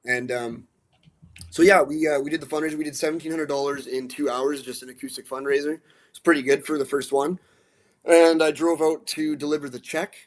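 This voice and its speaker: A man from central Alberta talking casually as a guest, animated and blunt, swearing now and then, restarting and repeating words. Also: on the high side, a little fast. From central Alberta, Canada. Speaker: guest, musician and dog rescue advocate. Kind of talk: casual storytelling.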